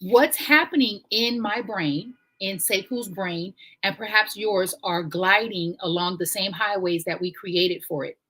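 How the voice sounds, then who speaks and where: Husky, animated woman hosting a live stream. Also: a little slow, few pauses, poor audio. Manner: animated and emphatic, swings up in pitch when excited. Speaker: live-stream show host. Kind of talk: casual motivational talk with book reading. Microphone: home live-stream mic.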